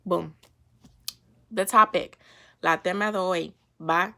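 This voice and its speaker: A woman hosting her own faith vlog, talking in a lively, playful, slangy way and laughing often as she explains a Bible verse. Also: on the low side, slow, gravelly, pauses often, slight background noise. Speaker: faith vlogger. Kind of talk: casual devotional talk.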